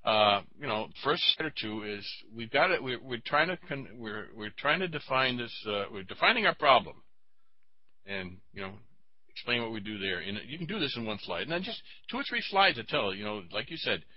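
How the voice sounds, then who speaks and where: A man's voice: medium pitch, sing-song, no room sound. Guy rambling through a chat, lots of uhs, lo-fi muffled recording. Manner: rambling, halting, lots of fillers. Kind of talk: casual chat.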